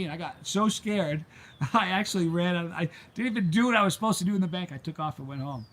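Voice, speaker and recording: Man, middle-aged, casual live-stream chat, rambling, slightly high voice, faint background noise. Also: expressive, fast talker, fairly bright tone. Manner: rambling, easily sidetracked storyteller. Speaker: channel host reading live chat.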